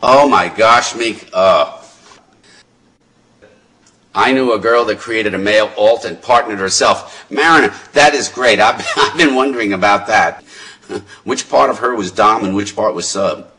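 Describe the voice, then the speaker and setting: Middle-aged guy doing chatty standup, kinda low but bright punchy voice, laughs at his own stuff. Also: unhurried. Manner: chatty, laughs at own jokes, talks to the crowd. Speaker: stand-up comedian. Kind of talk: rambling stand-up over live voice chat.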